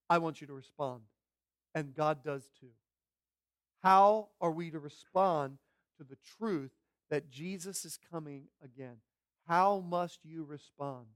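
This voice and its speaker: A man's voice: fairly high pitch, unhurried, fairly bright tone, clean tone, dry recording, studio quality. A man preaching a sermon as pastor, emphatic and repeating key phrases for weight.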